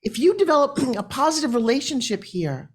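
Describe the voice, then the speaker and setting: Middle-aged woman guest, motivational interview energy, bright-ish higher voice, big pitch swings. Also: fairly quick, husky. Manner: lively, shifting pitch up and down for emphasis. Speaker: guest speaker. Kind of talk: animated motivational interview talk.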